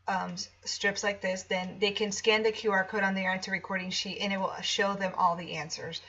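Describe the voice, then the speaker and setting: A woman's voice: medium pitch, fairly bright tone. Woman, chatty product walkthrough, explanatory, slightly muffled lo-fi recording. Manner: chatty, explanatory, frequent ums and restarts. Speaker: teacher-author showing a product. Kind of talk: casual screen walkthrough.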